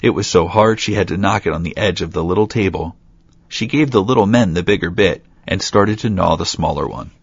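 A man reading a fairy tale aloud with steady storytelling and light asides, in a dull, dry lo-fi recording. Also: low voice, fairly quick, slightly rough, no room sound.

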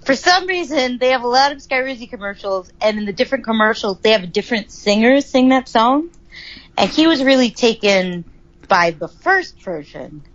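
A woman's voice: fairly high pitch, animated, normal speed. A woman co-hosting a podcast in casual chat, giggly and chatty. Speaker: podcast co-host. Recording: slightly dull lo-fi sound.

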